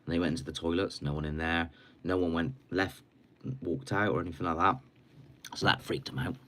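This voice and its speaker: A slightly hoarse man hosting a casual live stream chat at his computer, rambling along while sucking a cough sweet. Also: deep voice, steady tone, brisk, pushed and bright, slight background noise. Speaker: livestream host.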